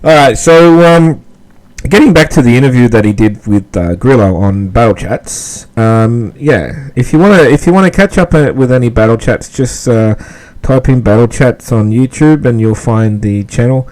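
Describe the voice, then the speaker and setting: A man's voice: mid-range voice, darkish tone, low-quality recording. A man with an Australian accent hosting a podcast, chatting casually and rambling with lots of fillers. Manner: rambling, halting with many fillers. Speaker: podcast host. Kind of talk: casual commentary.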